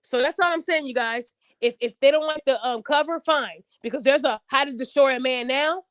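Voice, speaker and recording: A woman's voice: high voice, normal speed, no echo. A woman hosting her own podcast, talking bluntly and casually, acting out quotes in raised voices. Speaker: podcast host. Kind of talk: casual chat.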